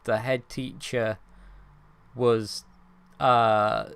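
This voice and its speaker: Gravelly young Englishman, chatty co-host. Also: medium pitch, flat delivery, extremely slow, fairly bright tone. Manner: chatty, self-mocking, swears freely. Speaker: podcast co-host. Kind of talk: casual chat.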